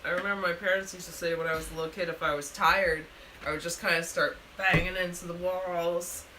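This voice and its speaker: Woman co-hosting a game stream, bright voice, chatty and giggly, little bit of hiss. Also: fairly low pitch, flat delivery, brisk. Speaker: stream co-host. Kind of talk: casual reaction chat.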